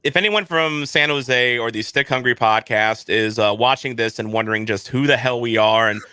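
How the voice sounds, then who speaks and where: A man's voice: medium pitch, moderate pace, sharp tone, clear, resonant tone, no room sound. A man hosting a casual podcast, rambling and self-deprecating, often stumbling and repeating words. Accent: St. Louis. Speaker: podcast host.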